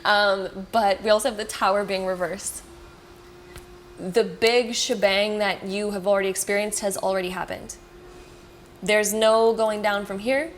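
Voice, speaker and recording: A little hiss or hum sits under this medium-pitched woman's voice as she does a laid-back pick-a-card tarot reading. Fast and enthusiastic, she reassures viewers and keeps saying "like" and "you know."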